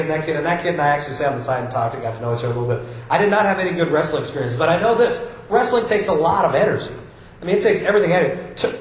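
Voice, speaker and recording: A man from Iowa preaching a sermon, switching between chatty stories full of restarts and reading scripture aloud. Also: high voice. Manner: conversational storytelling with frequent restarts, reads scripture aloud. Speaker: pastor. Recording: very echoey hall.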